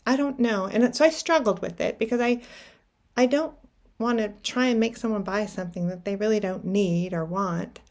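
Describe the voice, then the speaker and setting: A woman's voice: mid-range voice, normal speed, a little mellow. A middle-aged woman telling a personal story in a reflective, anecdotal way, often restarting her sentences. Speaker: podcast host.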